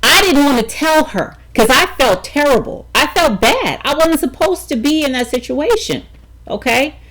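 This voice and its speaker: Animated woman telling a personal story. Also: sits high, moderate pace, low-quality recording. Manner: emphatic, animated storytelling with frequent restarts and "okay?" check-ins. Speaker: vlogger.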